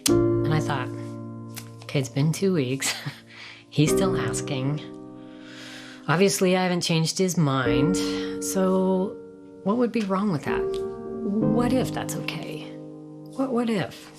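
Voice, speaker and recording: A woman's voice: lowish voice, expressive, slow pace, long pauses. A woman giving a reflective, emotional personal testimony. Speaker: testimony speaker. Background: loud guitar music.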